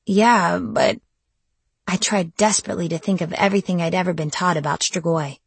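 A woman narrating a first-person novel in a measured, intimate way. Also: fairly low pitch, steady tone, slightly rough, no room sound. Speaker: audiobook narrator.

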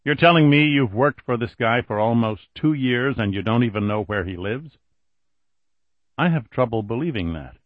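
A man voicing a cold, controlled male interrogator who speaks quietly and with measured menace, on a dull lo-fi recording. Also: medium pitch, lively intonation, no echo, close to an everyday voice. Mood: accusing.

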